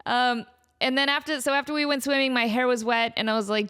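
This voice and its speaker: A woman in her thirties hosting a podcast, telling a story in an animated, chatty way with lots of likes and ums. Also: sits high, a little fast, clean tone. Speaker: podcast host. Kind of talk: casual storytelling.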